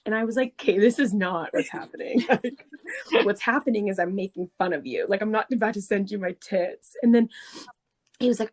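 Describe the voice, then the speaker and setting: A young woman in her twenties chats on a podcast with friends. She tells her story in an animated, swear-heavy way, breaking into laughter often. Her voice sits at a mid pitch. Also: moderate pace. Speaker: podcast co-host. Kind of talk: casual storytelling chat.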